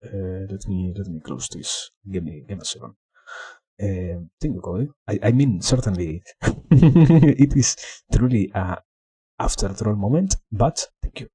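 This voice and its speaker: A man's voice: sits low, moderate pace, dark tone, husky, no echo. A young man streaming live, chatting casually, flustered, swearing and laughing a lot. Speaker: livestreamer. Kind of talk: casual livestream chat.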